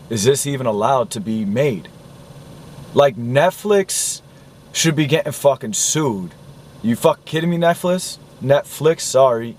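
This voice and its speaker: An indignant man delivers an angry film rant, full of swearing and repeated words, in a voice of ordinary male pitch. Faint noise hums behind him. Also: darkish tone. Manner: profane, indignant, repeats himself. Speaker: vlogger reviewing a film.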